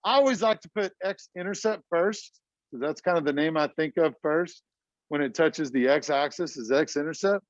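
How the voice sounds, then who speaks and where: A chatty middle-aged math teacher with a high voice. He talks to his class in a casual, talkative way. The classroom recording sounds dull and dry. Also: normal speed, no echo.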